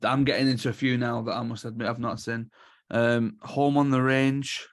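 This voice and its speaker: A man's voice: medium pitch, steady tone, moderate pace. Man giving brief dry replies. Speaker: podcast co-host. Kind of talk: casual film chat.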